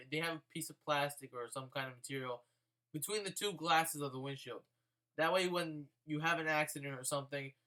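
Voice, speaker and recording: Young male vlogger, bright and slightly high voice, profane casual storytelling.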